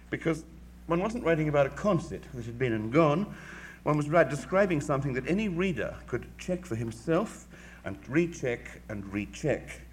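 Guy, music critic, talks slow and precise with dry wit, faint hiss. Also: medium pitch. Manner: measured, articulate, with dry wit. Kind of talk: formal lecture.

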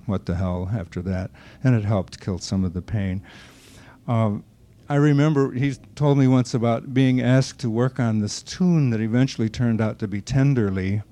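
Mellow-voiced older man reminiscing. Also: lowish voice. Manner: anecdotal storyteller who acts out quoted remarks. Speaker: interviewee. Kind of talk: reminiscing conversation.

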